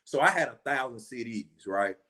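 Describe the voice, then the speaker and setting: A man's voice: medium pitch, lively intonation, normal speed, bright, forceful tone. A man in his forties from Atlanta, a rapper being interviewed, talking earnestly and from the heart, often saying "man" and "you know". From Atlanta, USA. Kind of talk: interview guest telling a story.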